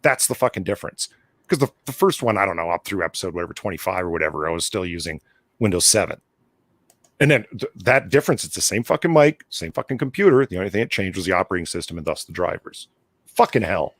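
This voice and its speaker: Profane, animated man ranting, dry sound. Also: sits low, fast, no room sound. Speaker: podcast co-host. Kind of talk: casual chat.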